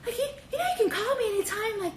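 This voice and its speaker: A woman imitating a gushing, fake-sweet young woman who stammers and giggles in a breathy, sugary tone. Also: very high voice, lively intonation, rapid-fire, heavy background noise, pitched above the performer's own voice. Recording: echoey room.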